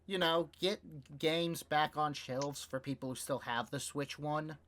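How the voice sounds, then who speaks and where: A young man with a slightly high voice rambles through a casual podcast chat. He hesitates often with fillers and laughs easily as his thoughts wander. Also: steady tone, a little slow, a bit bright. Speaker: podcast co-host. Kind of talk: casual chat about video games.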